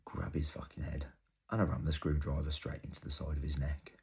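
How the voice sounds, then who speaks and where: A young man performing an intense, halting, improvised dramatic monologue. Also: very deep voice, flat delivery, vocal fry, warm tone, breathy edge. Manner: intense, halting, storytelling with heavy swearing. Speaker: actor.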